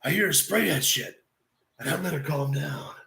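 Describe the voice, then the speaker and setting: Man doing a grizzled wrestler voice, low gravelly drawl, crude and slow, bright edge, echoey room. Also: a crowd in the background. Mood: mischievous. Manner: slow, profane storytelling. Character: gruff profane veteran wrestler telling road stories.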